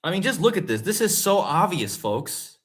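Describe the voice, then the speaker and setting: Male host, casual commentary, excitable and emphatic, voice slightly high. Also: normal speed. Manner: excitable, rising to incredulous emphasis; talks to viewers directly, often calling them guys and folks. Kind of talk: casual conspiracy commentary to camera.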